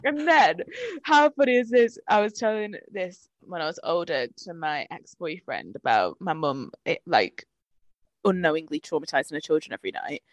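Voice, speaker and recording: A woman's voice: lowish voice, moderate pace, dry recording. A young woman chatting casually with a co-host, telling childhood stories with swearing and acted-out quotes. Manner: lively, swearing, acts out quotes. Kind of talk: casual chat.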